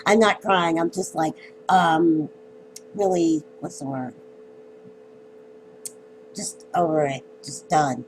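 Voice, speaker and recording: Halting, bitter woman venting at home. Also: sits low, background noise. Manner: halting, hesitant, bitter and self-mocking. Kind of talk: emotional personal rant. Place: at home in an apartment.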